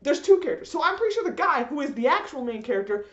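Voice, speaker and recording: A woman ranting in a rambling, animated way, full of fillers, in a roomy, slightly dull recording. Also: sits high, racing. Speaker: vlogger. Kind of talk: ranting commentary.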